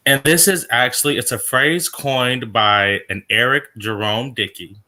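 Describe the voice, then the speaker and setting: Male podcast guest on a call, pointed and measured, bright tone. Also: mid-range voice. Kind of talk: casual chat.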